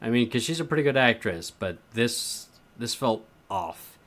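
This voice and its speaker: A man's voice: medium pitch, animated, moderate pace, a bit bright. A man co-hosting a casual podcast, talking in a laid-back, agreeable way with sarcastic asides. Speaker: podcast co-host. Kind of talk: casual chat.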